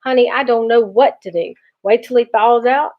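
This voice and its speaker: A woman's voice: fairly high pitch, normal speed. A woman voicing a father in his thirties who jokes and teases in an amused way. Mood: teasing. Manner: joking, amused. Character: teasing father in his thirties, always laughing. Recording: dull lo-fi recording.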